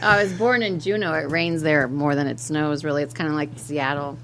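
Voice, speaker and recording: Low-voiced woman guest, easygoing chat. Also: steady tone, a little fast, a bit bright, slight background noise. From Minnesota. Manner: easygoing, chatty, laughs often. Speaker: spiritual adviser guest. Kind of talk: casual chat. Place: radio studio.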